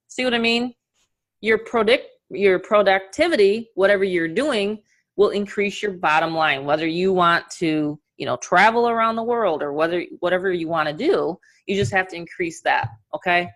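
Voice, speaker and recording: Middle-aged New York woman, upbeat webinar coach on a call, lowish voice. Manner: energetic and upbeat, talks in quick bursts. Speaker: online marketing coach. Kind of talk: live webinar presentation.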